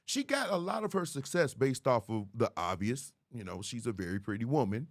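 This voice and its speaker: A man's voice: mid-range voice, very animated, brisk, dry recording, studio quality. A man hosting a show, speaking casually and preaching straight to his viewers. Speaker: host. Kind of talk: casual commentary monologue.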